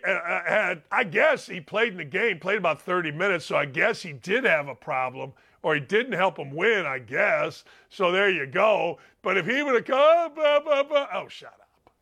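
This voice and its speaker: Older male sports host, bright, edgy tone, loud, rambling, emphatic. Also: high-pitched. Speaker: sports talk show host. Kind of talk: animated talk show monologue.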